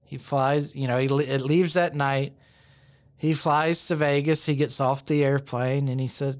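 A man hosting a podcast, narrating a story in an unhurried, conversational way with casual asides. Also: medium pitch, steady tone. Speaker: podcast host.

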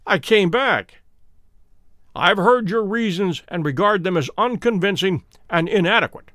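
A man voicing a cool, precise, commanding detective in a dramatic audiobook reading, calm, measured and authoritative. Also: sits high, no room sound, studio quality, full character voice. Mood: stern.

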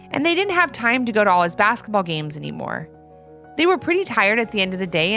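Animated woman reading a children's story. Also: medium pitch. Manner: animated, expressive read-aloud. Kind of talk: scripted children's story narration. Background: soft music.

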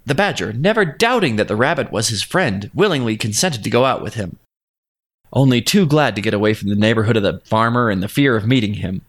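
A man narrating a storybook folk tale in a steady, expressive storytelling manner. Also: mid-range voice.

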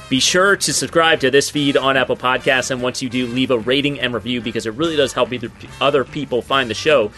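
A man co-hosting a sports podcast, chatting casually with many fillers and lively bursts of excitement. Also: medium pitch. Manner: animated, hesitant with many fillers. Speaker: podcast co-host.

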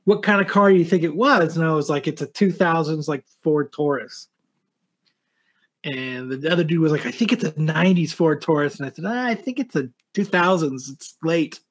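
A man's voice: fairly high pitch, normal speed. Profane storytelling man. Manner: profane, animated anecdote telling. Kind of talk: casual chat.

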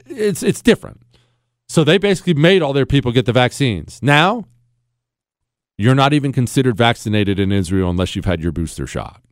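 A male talk radio host rants through his monologue with sarcasm and mocking asides. His voice sits a little high and swings animatedly up and down. The studio sound is dry and close. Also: no room sound. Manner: sarcastic, ranting, lively delivery with mocking asides.

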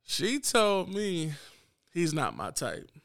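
A man hosts his podcast in a blunt, unapologetic solo rant, talking straight at his listeners. His voice sits a little high with a gravelly, fry-laden edge. The sound is dry and close. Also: wildly swooping pitch, slow, fairly bright tone, no room sound. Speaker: podcast host.

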